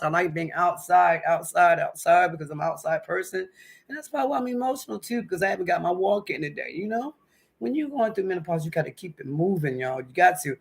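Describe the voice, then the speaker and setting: Calling her audience honey and baby, a fiftysomething woman chats emotionally and casually on a livestream from her home. Her voice is gravelly and fairly low in pitch.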